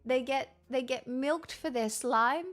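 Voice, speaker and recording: With soft music in the background, a weary Australian woman chats with viewers on her livestream and reads their comments aloud. Her high voice is unhurried, and she rambles, giggles a lot, and swears without restraint.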